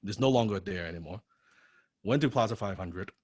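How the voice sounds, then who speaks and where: A man teaching a copywriting course, telling a personal story in an animated, profane way, often repeating words and tagging lines with "right?". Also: lowish voice, fairly quick, breathy edge, no echo, studio quality. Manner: frequent rhetorical "right?". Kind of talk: personal story told in a lecture.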